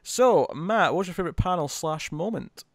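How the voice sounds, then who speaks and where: Man, podcast host, casual chat, animated, slightly high voice, dry sound. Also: moderate pace, no room sound. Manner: animated, laughs often.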